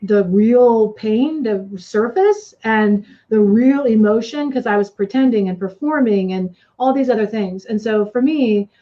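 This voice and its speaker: Expressive woman coach, lo-fi recording. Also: a little high, measured pace, few pauses. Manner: earnest, expressive, punchy phrasing. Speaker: life coach guest. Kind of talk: casual interview talk. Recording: slightly dull lo-fi sound.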